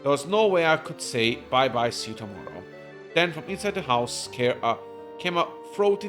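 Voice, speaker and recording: A man's voice: mid-range voice, sing-song, moderate pace, music in the background. A man streaming live, reading a visual novel aloud with emotion and intensity, sometimes stumbling over words. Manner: emotional, intense, with occasional slips. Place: home streaming setup.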